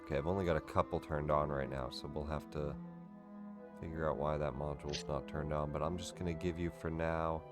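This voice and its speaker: A man running a tabletop game as game master, giving rulings in a relaxed, matter-of-fact way. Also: a bass voice, brisk, music in the background.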